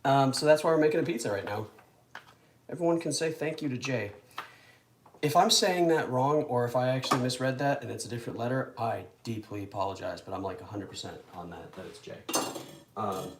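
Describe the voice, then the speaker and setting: Rambling young man cooking in an echoey kitchen. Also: medium pitch. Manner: rambling, self-deprecating, chatty. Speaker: home cook vlogger. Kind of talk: casual cooking vlog. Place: home kitchen. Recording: echoey kitchen with loud background noise.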